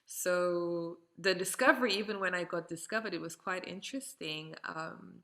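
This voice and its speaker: Bright-voiced woman telling her story. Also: on the low side, moderate pace. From Saint Martin. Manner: animated storyteller who acts out quoted voices and laughs often. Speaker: interview guest, model and doll entrepreneur. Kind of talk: casual interview storytelling.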